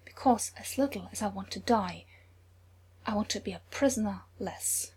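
A woman's voice: moderate pace, darkish tone. A woman whispering a bitter, hissing broken prince. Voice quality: breathy. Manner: low hissed whisper.

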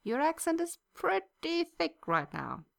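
A woman voicing a shy young adult male skater who teases in a slow, snickering way. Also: very high-pitched, wildly swooping pitch, vocal fry, fairly bright tone, pitched above the performer's own voice, exaggerated voice. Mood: teasing.

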